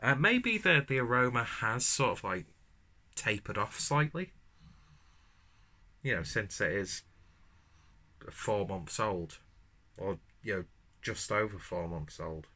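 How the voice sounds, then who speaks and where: Man, casual beer review vlog, lowish voice, bright and forceful tone, rambling and chatty. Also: lively intonation, slow, long pauses. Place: at home, indoors. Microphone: camera mic.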